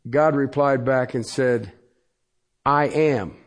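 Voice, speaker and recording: A man's voice: mid-range voice, slow. A man preaching a sermon as pastor, emphatic and repetitive, often checking in with his listeners. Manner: emphatic preaching with sudden pace shifts and repeated "Okay?". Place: church.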